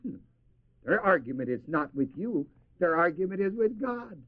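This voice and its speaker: On a tinny lo-fi tape, a high-pitched male preacher speaks at normal speed, his pitch swinging widely. He chuckles frequently during the sermon and has the audience complete the verses he cites.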